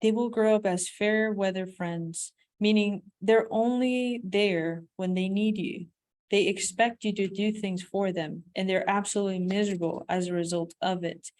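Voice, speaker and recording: Woman reading self-help with chatty asides. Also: medium pitch. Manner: lively emphatic reading, breaks off into chatty comments. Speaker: audiobook reader.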